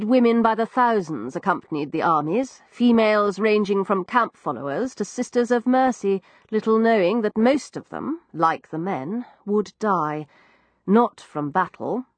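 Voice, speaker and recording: A woman narrates a first-person novel in crisp, expressive audiobook style. Her pitch rises and falls in wide, lively sweeps. The recording is dry and close. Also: no room sound.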